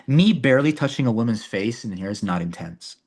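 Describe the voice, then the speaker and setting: Male filmmaker guest, animated and discursive, full of restarts and repeats, mid-range voice. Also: mid-range voice, brisk. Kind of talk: casual interview talk.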